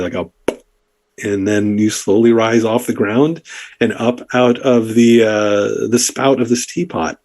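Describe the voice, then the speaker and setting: A man's voice: mid-range voice, darkish tone. A man narrating a tabletop game as dungeon master, loose and rambling with many fillers.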